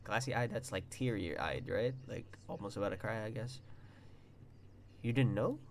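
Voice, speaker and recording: A young man streaming a visual novel, reading the text aloud and reacting with loud exclamations and swearing. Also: fairly low pitch, a little slow, slight background noise. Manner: excitable, swears and exclaims between read-out passages.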